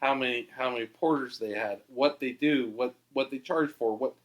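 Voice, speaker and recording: A man from Canada, a podcast guest, telling an animated, excitable anecdote. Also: mid-range voice, moderate pace. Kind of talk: storytelling anecdote.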